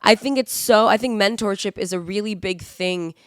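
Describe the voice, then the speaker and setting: A woman's voice: mid-range voice, normal speed, no room sound, clean studio sound. A woman in her twenties, sick with the flu, hosting a solo podcast and giving earnest, rambling motivational advice full of fillers. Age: 20s. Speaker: podcast host. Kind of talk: casual solo podcast monologue.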